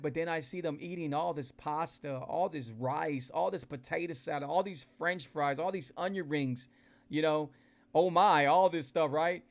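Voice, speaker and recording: A man's voice: a little high, normal speed. A man talking casually and energetically to his followers on a phone livestream. He repeats himself a lot and speaks to viewers in a folksy way about his eating. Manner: animated, repetitive, folksy, addresses viewers directly. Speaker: keto weight-loss vlogger. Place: indoors, livestreaming.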